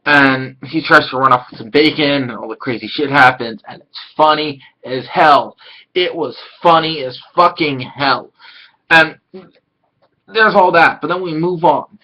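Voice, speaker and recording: A man casually reviewing an anime episode, rambling and excitable, swearing now and then. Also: on the high side, measured pace, muffled recording.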